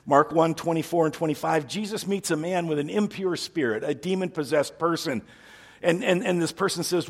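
A man preaching a sermon as a pastor, telling stories with lively energy and acting out the people he quotes. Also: on the high side, a little fast.

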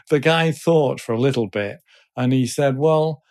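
Older man, mid-pitched, hesitant and thoughtful, interview guest. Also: unhurried, a little mellow. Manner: thoughtful, hesitant, many fillers. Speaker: guest, business person.

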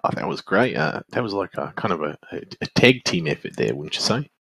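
A man playing a boastful, bumbling character in a tabletop role-play, rambling with many fillers and sounding gravelly and husky. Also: low-pitched, big pitch swings, a little fast, crowd noise, full character voice.

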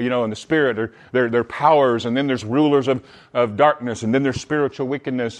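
Animated preaching man, fairly high voice. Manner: animated preaching with repeated restarts. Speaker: pastor. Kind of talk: sermon.

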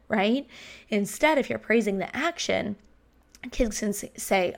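A woman in her thirties, a teacher hosting a podcast, talking in a chatty, animated way and acting out quotes. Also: medium pitch, unhurried, vocal fry. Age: 30s. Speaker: podcast host and language teacher. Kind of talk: casual podcast monologue.

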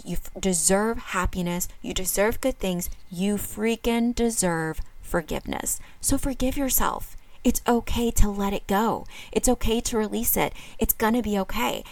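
A woman's voice: medium pitch, animated, a little slow, no echo. A woman hosting a self-help podcast, talking earnestly and encouragingly to her listeners. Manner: casual with frequent fillers. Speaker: podcast host.

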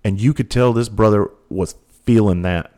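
Speaking at a normal speed in a lowish, darkish voice, this man trains first responders. His monologue is frank and sincere, a heartfelt story laced with offhand swearing and repetition.

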